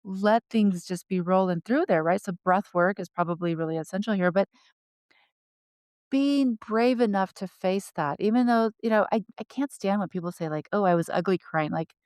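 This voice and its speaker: A woman co-hosting a casual conversation, telling personal stories with lively restarts and laughter. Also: mid-range voice, normal speed, clean tone, no room sound, clean studio sound. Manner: animated storyteller, frequent restarts and laughter. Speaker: podcast co-host.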